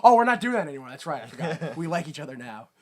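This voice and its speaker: A man co-hosting a podcast in casual chat, recapping a film. His pitch swings widely as he jokes and rambles. He keeps tossing in fillers and restarting his sentences. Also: big pitch swings, very fast. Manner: rambling, joking, full of filler words and restarts. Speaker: podcast co-host.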